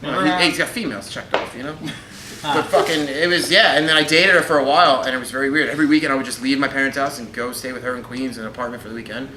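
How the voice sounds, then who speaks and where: A man's voice: mid-range voice, fast talker, reverberant, background noise. A man in his thirties from New York, a podcast co-host telling a crude, rambling story with lots of swearing and laughter. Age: 30s.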